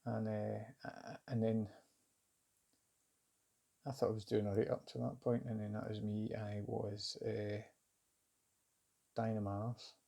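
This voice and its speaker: Scottish man, casual storyteller; flat, husky delivery that rambles and restarts. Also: on the low side, slow, long pauses. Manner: rambling and hesitant, with many fillers and restarts. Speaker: vlogger recounting a job interview.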